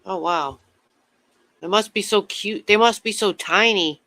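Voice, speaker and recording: Bright-voiced man rambling on a livestream. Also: high-pitched, unhurried, dry recording. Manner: rambling, swears casually, chats with viewers. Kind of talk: casual livestream chat.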